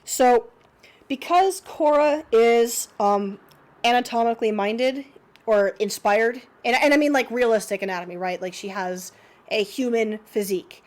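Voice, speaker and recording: Thinking aloud with plenty of fillers, a young art teacher gives an unscripted drawing lesson while sniffly from a slight cold. Her voice is a little high and her pace measured.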